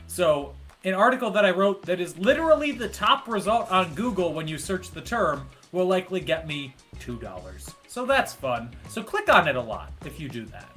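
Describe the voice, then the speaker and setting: A man's voice: high-pitched, sing-song, normal speed, few pauses, fairly bright tone, soft background music. A man hosting a live trivia show, reading out the answers with wry jokes and asides. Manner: joking, wry asides between quiz answers. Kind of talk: casual live-stream hosting.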